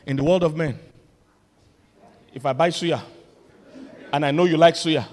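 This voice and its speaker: A male pastor, preaching a lively, humorous sermon that builds to loud emphatic points. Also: on the high side, unhurried. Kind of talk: sermon on marriage. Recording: long reverb of a large hall.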